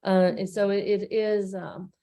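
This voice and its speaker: Gravelly, mellow-voiced woman chatting. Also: mid-range voice, flat delivery, measured pace. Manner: earnest, faith-filled, loose with many fillers. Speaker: co-host. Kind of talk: casual recap chat.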